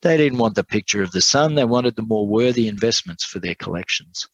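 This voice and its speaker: A man preaching, telling an illustration story in an earnest way and slowing down for emphasis. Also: on the low side, animated, no room sound, lo-fi sound. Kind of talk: sermon storytelling.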